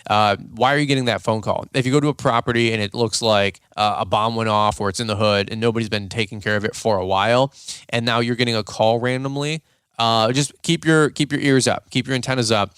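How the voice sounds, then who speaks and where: Blunt man with a smooth voice. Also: medium pitch, a little fast, no echo, studio quality. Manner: blunt, animated, repeats points with fillers. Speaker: podcast host, lawn business owner. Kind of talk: casual advice talk.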